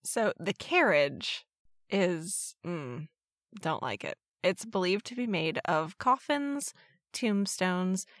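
Low-pitched woman telling folklore. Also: expressive, slow, no room sound, clean studio sound. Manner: storytelling about folklore, light laughs. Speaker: co-host. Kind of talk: casual podcast chat.

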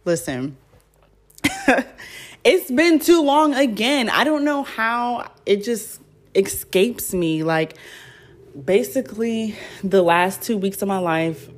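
A young woman hosts her own solo podcast, chatting casually and rambling with plenty of fillers. Her voice is a little high, sing-song, and slow.

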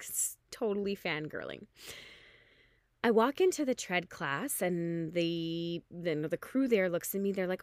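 A hungover woman telling a story in a casual way, animated, and she acts out the people she quotes with big jumps in pitch. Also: moderate pace, no echo, studio quality. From Canada.

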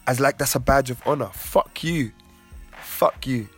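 A man's voice: medium pitch, measured pace, a bit bright, slightly rough, soft background music. Man preaching on a podcast. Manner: preachy, profane, emphatic ranting. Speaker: podcast host. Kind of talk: casual podcast chat.

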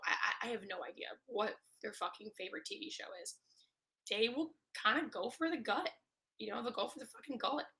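A young woman in her twenties rants to her podcast listeners from a room at home. Her voice is bright and forward, and she rambles through her story with blunt, profane candor. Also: mid-range voice. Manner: candid, swears a lot, rambling. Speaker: podcast host. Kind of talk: casual ranting monologue. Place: home room, recording alone. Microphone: no proper mic.

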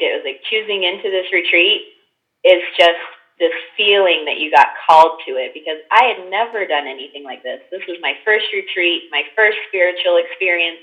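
Woman guest, casual storyteller, animated quoting, dull lo-fi recording. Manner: animated, acts out quotes with big pitch jumps. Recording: dull lo-fi sound.

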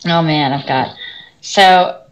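A woman who teaches orchestra, co-hosting a podcast and ranting in a lively, animated storytelling way. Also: low-pitched, takes it slowly, low-quality recording. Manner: animated storytelling, swings loud and soft. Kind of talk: casual podcast rant.

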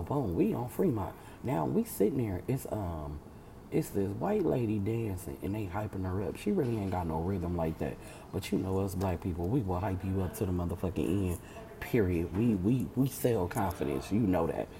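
A woman telling a story from work in an animated, slangy, swear-heavy casual chat. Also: very deep voice, a little hiss or hum.

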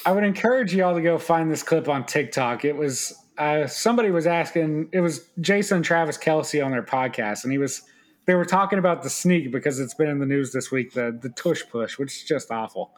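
A man co-hosting a sports podcast in casual chat, telling stories and slipping into quick mock voices. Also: a little high. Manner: animated storyteller, does quick mock voices. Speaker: podcast co-host.

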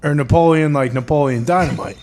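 A man's voice: a little high, fairly quick, a little mellow, slight background noise. A man chatting as a co-host, hesitant and laid back. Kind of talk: casual chat.

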